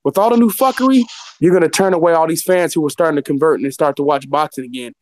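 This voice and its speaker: A man's voice: a little high, no echo. A man ranting heatedly about boxing, profane and fired up. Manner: profane, fired-up, talks fast. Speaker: guest commentator.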